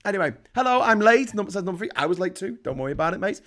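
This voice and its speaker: A man's voice: high voice, very animated, very fast, hardly any pauses, fairly bright tone. A British man hosting a livestream, reading out chat and ranting about politics, heated, sarcastic and constantly swearing. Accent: British English. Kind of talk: casual political rant.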